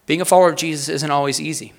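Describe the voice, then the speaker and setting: A man's voice: on the high side, fairly even intonation, rapid-fire, gravelly. A man delivers a sermon in a slightly raised voice. He reads quotations with swelling force and drops into a plain, conversational tone between them. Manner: preaching with rising emphasis on quotes. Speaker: pastor.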